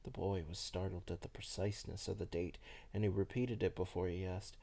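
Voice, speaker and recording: Guy reading a novel, gravelly low voice, dark tone. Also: level tone, brisk. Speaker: audiobook reader. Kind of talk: novel narration.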